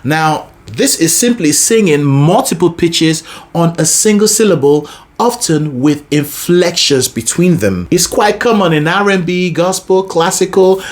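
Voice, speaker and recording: A man teaching a singing lesson as a vocal coach, talking in an expressive, demonstrative way. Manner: expressive, demonstrative, lively pitch.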